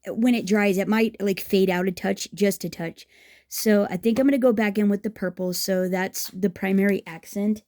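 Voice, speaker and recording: A woman with a soft, mellow tone talks through a scrapbooking project in a relaxed, chatty way. She gushes with enthusiasm and often restarts her sentences as she thinks aloud. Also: mid-range voice, moderate pace. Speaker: craft vlogger. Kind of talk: casual craft tutorial chat.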